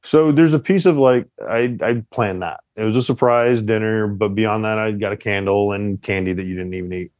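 A young man co-hosting a casual relationship chat with his partner, teasing and animated as he tells stories. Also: on the low side, moderate pace, hardly any pauses, no echo. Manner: playful, teasing, animated storyteller. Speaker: podcast co-host.

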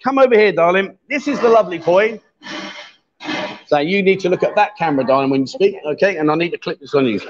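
A man in his fifties hosting a casual livestream from a bar, joking and bantering loudly with guests. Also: high voice, quick pace, faint music behind. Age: 50s. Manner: jokey, banter-heavy, loud. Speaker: livestream host. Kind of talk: casual live-stream chat. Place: bar in Pattaya. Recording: dull, lo-fi livestream sound.

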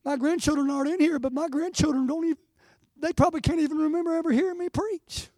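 Impassioned older preacher, high voice. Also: male voice, steady tone, quick pace, dry recording. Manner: impassioned, swelling to shouts, near tears. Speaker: guest preacher. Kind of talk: sermon.

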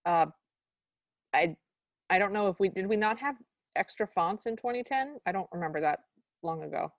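A woman's voice: mid-range voice, normal speed, no echo. Woman podcast co-host, sarcastic and exasperated movie recap, dry recording. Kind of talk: casual chat recapping a movie.

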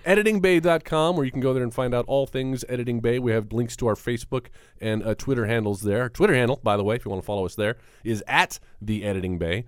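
A man's voice: mid-range voice, quick pace, few pauses, clear, resonant tone, no echo, studio quality. A man with a Texan accent co-hosting a movie podcast, giving chatty film opinions and laughing easily. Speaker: podcast co-host. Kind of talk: casual chat.

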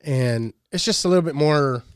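A man's voice: a little high, normal speed, clean tone, no room sound, clean studio sound. A man in his thirties chatting casually as a podcast co-host, laid-back, swearing a lot and laughing often. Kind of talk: casual chat.

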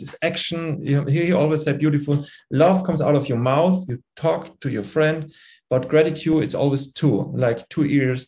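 A man's voice: medium pitch, creaky, a little mellow. A middle-aged man with a German accent, a native German speaker, explaining his ideas earnestly as a podcast guest and sometimes searching for words. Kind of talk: conversational interview.

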